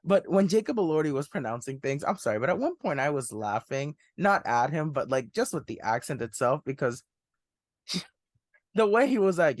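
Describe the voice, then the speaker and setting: A man's voice: fairly high pitch, big pitch swings, normal speed, no echo. Casting note: a young male podcast host. He reviews a film in an upbeat, chatty way, with a dry, close sound. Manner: enthusiastic, laughs while talking, says "one hundred percent". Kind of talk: casual movie review chat.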